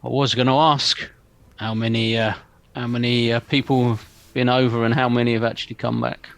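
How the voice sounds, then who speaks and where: A man playing a tabletop game, speaking in character in a hesitant, polite way with pauses and fillers. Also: medium pitch, little pitch movement, creaky. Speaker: player.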